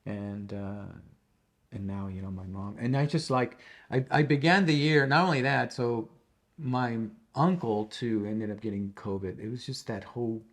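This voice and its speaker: A middle-aged man, a musician being interviewed, talking in a halting way and often repeating and restarting his words. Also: on the low side. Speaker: interview guest, tribute band musician. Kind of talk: casual interview conversation.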